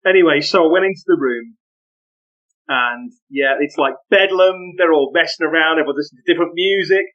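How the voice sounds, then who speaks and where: Brief: male podcast guest, higher voice, animated anecdotes, muffled lo-fi sound. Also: fairly quick. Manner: animated, laughing, full of anecdotes. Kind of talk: casual storytelling interview.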